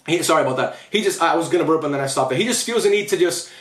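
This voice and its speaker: A man's voice: fairly high pitch, lively intonation, racing, echoey room. A young man giving a blunt, opinionated football rant to camera for his channel, often saying "bro". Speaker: YouTube football commentator.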